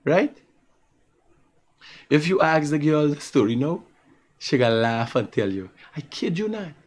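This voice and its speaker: Lively Guyanese man, high and animated. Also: a little slow. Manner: animated storytelling with frequent laughter. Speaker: talk show host. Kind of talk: casual live-show monologue.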